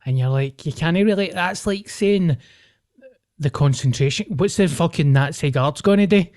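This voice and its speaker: A man's voice: a little high, fairly quick, a little mellow, no room sound, studio quality. A Scottish man talking bluntly and swearing in casual podcast chat. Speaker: podcast co-host.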